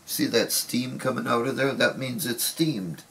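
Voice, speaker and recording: A man's voice: mid-range voice, a little slow, vocal fry, background noise. A man hosting a casual home cooking vlog from his kitchen, chatting to viewers with playful, teasing asides. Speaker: cooking show host.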